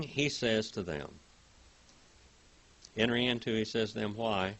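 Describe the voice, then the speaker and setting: In a fairly low, steady voice, an older man leads a Bible class, speaking unhurriedly and pausing often. He reads Greek word by word and tells stories dramatically and emphatically, with big shifts in loudness.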